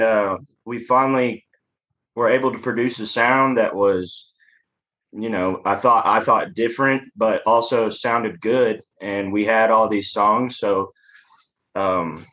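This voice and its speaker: A man's voice: on the low side, a bit bright, highs cut off. A man, a musician guest talking casually in a laid-back, rambling way. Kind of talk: casual interview chat.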